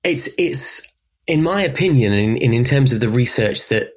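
A man with a Southern English Berkshire accent talks through ideas in an expressive, conversational way. His voice has a husky, slightly breathy edge. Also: mid-range voice, moderate pace. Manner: expressive, demonstrates speech sounds, light laughs. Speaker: podcast guest, voice specialist. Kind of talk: conversational interview.

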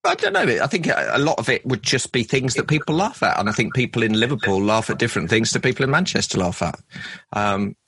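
A man's voice: medium pitch, sing-song, fast talker, gravelly, sharp tone, slightly rough, no room sound, poor audio. Man from London, comedian, dry close sound, anecdotal, self-deprecating. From London, England. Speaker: comedian and former presenter. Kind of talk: podcast interview chat.

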